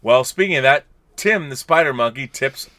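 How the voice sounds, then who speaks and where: A middle-aged man co-hosting a loose live stream, his voice bright and ringing with a lively, swooping delivery. He jokes, stumbles through restarts and reads out viewer messages. The sound is dry and close on the mic. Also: medium pitch, moderate pace, no room sound. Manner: animated, jokey, stumbling restarts. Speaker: podcast co-host reading super chats. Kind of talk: casual tipsy chat on a live stream.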